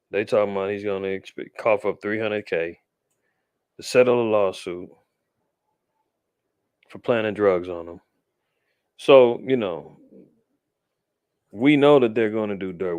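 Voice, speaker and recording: A man's voice: lowish voice, smooth, no room sound, studio quality. A man hosting a show, talking loosely about the news with slang and restarts. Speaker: podcast host. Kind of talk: casual commentary on news.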